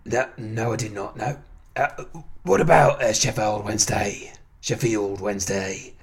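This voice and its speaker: A man hosting a comic football phone-in, deadpan and awkwardly tactless. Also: on the low side, measured pace. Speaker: radio phone-in host, ex-pro footballer.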